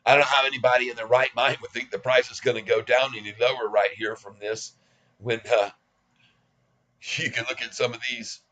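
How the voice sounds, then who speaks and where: A man's voice: medium pitch, little pitch movement, fairly quick, sharp tone, highs cut off. A man in his sixties giving casual stock market commentary in a folksy, cocky, self-mocking way. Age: 60s. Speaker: stock trading vlogger.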